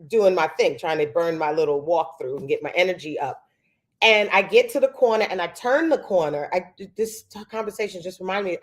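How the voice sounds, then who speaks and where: A woman from the Bronx, a co-host, telling a personal story in a lively way and raising her voice when she quotes people. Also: mid-range voice. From the Bronx, New York. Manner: animated storyteller, quotes others in a raised voice. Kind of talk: casual chat, telling a story.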